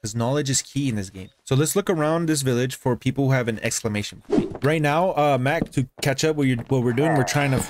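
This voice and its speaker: A young man streaming a video game, commenting in an excitable, exasperated and joking way. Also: medium pitch, brisk, noisy background. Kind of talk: gaming commentary. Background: game music.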